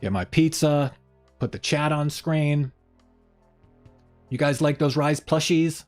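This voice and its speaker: A man's voice: a little high, steady tone, slow pace, a little mellow, faint music behind. Rambling man hosting a stream. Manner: rambling, self-mocking, trailing off. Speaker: streamer host. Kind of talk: casual live-stream chat. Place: home room by an open window.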